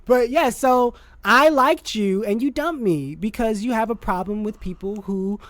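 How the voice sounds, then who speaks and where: A woman's voice: fairly high pitch, a little slow, no room sound. A woman co-hosting a podcast, telling a story in a casual chat, acting out scenes and laughing often. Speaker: podcast co-host.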